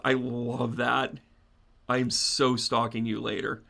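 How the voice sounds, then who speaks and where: A man hosting a casual live stream as a spiritual medium and astrology teacher, chatting animatedly with viewers and breaking into loud laughter. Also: mid-range voice, flat delivery, slow, creaky.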